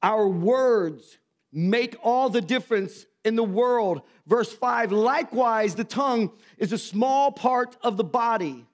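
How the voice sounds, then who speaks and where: A man's voice: very high-pitched, slow pace. A man, preaching a sermon in a folksy, self-mocking storytelling manner. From Missouri. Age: 50s. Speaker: pastor.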